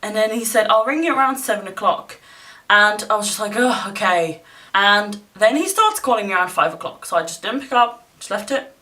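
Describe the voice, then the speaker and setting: A woman's voice: mid-range voice, animated, a little fast, pushed and bright, recorded from a distance. A young woman vlogger casually retelling a story, blunt, sarcastic and full of swearing, recorded a bit away from the mic. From not from England, living there.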